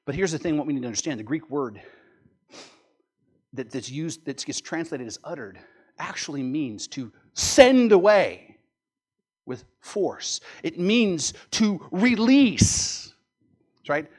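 A man's voice: on the high side, animated, moderate pace, husky. A man preaching a sermon in an earnest, explanatory way, often asking "right?" and building to strong emphasis. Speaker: pastor.

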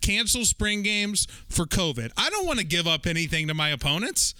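Male sports podcast co-host, bright and slightly high, profane jokester, dry close sound. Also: moderate pace, smooth, no echo. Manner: animated, profane, joking. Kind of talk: casual sports chat.

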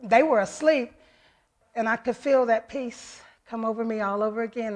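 A woman's voice: a little high, moderate pace. A woman giving an earnest, heartfelt personal testimony to her church, retelling events through many quoted voices. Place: church service.

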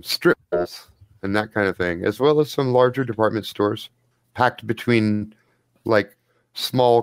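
A man narrating a tabletop role-playing game as game master, relaxed and rambling with fillers. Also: on the low side, clear, resonant tone, no echo.

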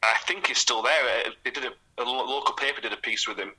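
A man's voice: medium pitch, fast talker, sharp tone, breathy edge, poor audio. A young man, a football fan guest, chatting casually with eager, rambling explanations. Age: young adult. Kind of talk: casual chat.

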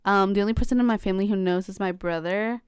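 Chatty young woman, very clear voice. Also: mid-range voice, fast talker, no room sound, studio quality. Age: young adult. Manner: chatty, many fillers, acts out quoted dialogue. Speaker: college student. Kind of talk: casual chat.

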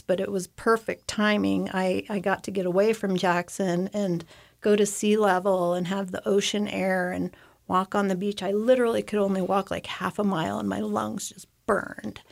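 A woman's voice: medium pitch, flat delivery, normal speed, creaky. A woman talking at length and with feeling as an interview guest, rambling with restarts and repeated words. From United States. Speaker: interview guest, avalanche survivor. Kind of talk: emotional personal storytelling. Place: studio.

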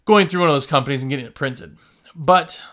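A man's voice: fairly high pitch, fast, pushed and bright. A man who runs a window cleaning business, giving casual, jokey advice and telling stories with quoted customers.

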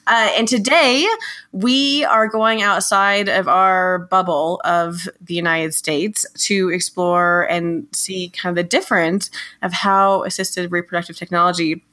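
A woman co-hosts a podcast in a loose, chatty way. She laughs easily and corrects herself mid-sentence. Her voice sits on the low side. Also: fairly even intonation, a little slow, bright, forceful tone. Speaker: podcast co-host, attorney. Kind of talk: conversational podcast interview.

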